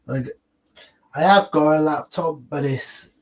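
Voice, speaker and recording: A man's voice: on the high side, unhurried, rough recording. A man hosting a casual livestream chat, laid-back and easygoing. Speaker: livestream host.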